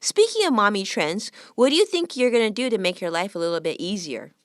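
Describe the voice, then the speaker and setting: A woman hosting a casual interview, her voice swinging lively up and down as she encourages and playfully teases her guest. She laughs a lot. The sound is close and dry. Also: mid-range voice, fairly quick, no room sound. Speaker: podcast host.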